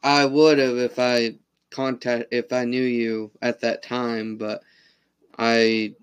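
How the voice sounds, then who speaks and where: A man hosting a casual chat, relaxed and meandering. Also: medium pitch, takes it slowly, clear, resonant tone, dry recording.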